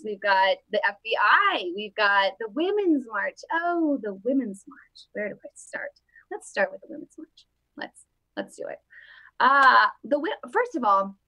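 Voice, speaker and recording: A woman's voice: on the high side, pushed and bright, poor audio. A woman hosting her own live political show, chatting casually and upbeat straight to her viewers from her desk. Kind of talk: casual live-stream chat.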